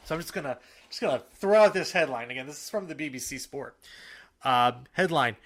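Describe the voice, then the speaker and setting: A man co-hosting a casual sports podcast. He talks in an animated, opinionated way and often restarts his sentences. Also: a little high, brisk. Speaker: podcast co-host.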